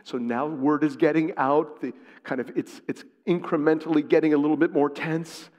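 A man preaches a sermon in a fairly high voice and acts out the lines he quotes with big swings in pitch and volume. His voice carries a long reverb, as in a large hall. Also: steady tone, moderate pace, darkish tone.

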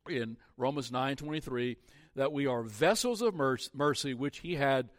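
Male pastor preaching, mid-pitched voice, lots of uh's and restarts, dry close sound. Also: dry recording. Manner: earnest preaching with frequent "uh" fillers and restarts. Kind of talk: sermon.

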